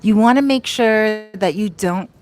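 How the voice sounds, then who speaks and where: This livestream host and life coach speaks at a measured pace in a medium-pitched, darkish voice. She's outside in the Dominican Republic, gushing warmly at her audience and reading out their comments.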